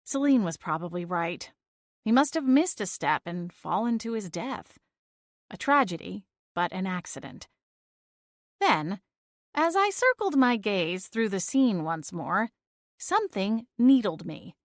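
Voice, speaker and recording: Reading first-person scripted narration for an audiobook, this woman keeps a measured, steady storyteller's delivery. She has a medium-pitched voice, and the studio sound is clean with no echo.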